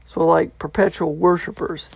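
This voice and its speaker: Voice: mid-range voice, steady tone, normal speed, vocal fry, darkish tone, breathy edge, no room sound. A Bible study teacher talking casually through a passage, paraphrasing a commentator and checking in with the listener. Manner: loose and conversational, checks in with "okay?".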